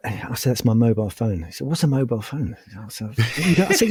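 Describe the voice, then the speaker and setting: A man's voice: mid-range voice, fast, hardly any pauses, husky, dry recording. A middle-aged man, telling anecdotes as a podcast guest and acting out the quotes. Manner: animated anecdotes with acted-out quotes. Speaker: podcast guest, former racing driver. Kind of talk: casual storytelling chat.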